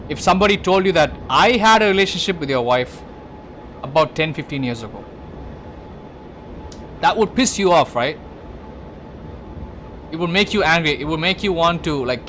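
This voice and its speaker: A man's voice: fairly high pitch, fairly bright tone, slight background noise. A man on a gaming livestream, retelling a film plot casually, rambling with many restarts and swearing. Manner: rambling, lots of restarts and swearing, talks to the listener directly.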